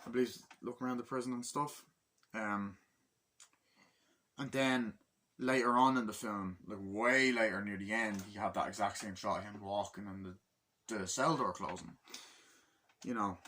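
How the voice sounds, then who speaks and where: A man's voice: lowish voice, moderate pace, long pauses. A man giving a casual spoken film review, swearing freely and acting out scenes in sudden outbursts. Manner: profane and excitable, acts out scenes in bursts. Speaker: movie reviewer.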